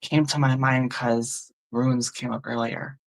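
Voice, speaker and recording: A woman hosts a tarot livestream in a loose, chatty way, musing aloud and greeting viewers by name. Her voice has a steady gravelly fry running through it. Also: rumbling low, a little slow. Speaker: tarot reader and livestream host. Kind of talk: casual livestream chat with viewers.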